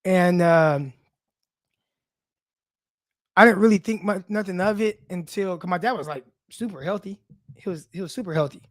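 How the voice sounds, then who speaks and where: A young man hosts a sports podcast in a high-pitched voice, speaking at a moderate pace and pausing often. Teary-eyed, he delivers a casual, heartfelt monologue, loose and personal and full of fillers, recorded with studio quality and no room sound.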